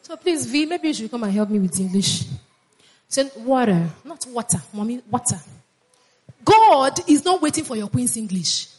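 A woman's voice: sits high, big pitch swings, normal speed, a little mellow, husky. A woman preaching a sermon with fervor, repeating phrases and calling on the congregation to answer back. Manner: fervent, repeats phrases, calls on congregation to respond.

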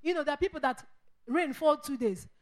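A woman delivers a sermon in a high voice. She preaches emphatically, repeats her phrases and acts out the voices she quotes. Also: brisk, darkish tone.

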